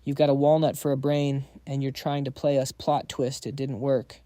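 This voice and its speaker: A cocky young hero who mocks his foes with calm confidence, voiced by a man narrating. The tone is mellow and close. The recording is dry. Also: mid-range voice, moderate pace, no echo, close to an everyday voice. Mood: smug. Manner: smug, taunting. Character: cocky, ice-cold young male hero.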